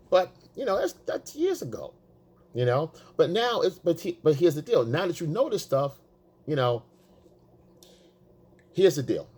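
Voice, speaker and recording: A man's voice: a little high, very animated, moderate pace, pauses often, a little mellow, breathy edge. A man talking as a dating coach, casual and profane, repeating himself for emphasis. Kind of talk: casual coaching talk to the camera.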